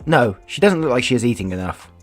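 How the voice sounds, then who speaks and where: A man's voice: mid-range voice, lively intonation, fast talker, natural voice. A man voicing a smug, commanding older man with an evil streak, with faint music behind.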